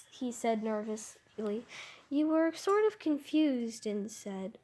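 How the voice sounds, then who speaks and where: A woman's voice: a little high, animated, slow, darkish tone. A woman casually reading her own fan story aloud, rambling and self-conscious, with frequent restarts and asides.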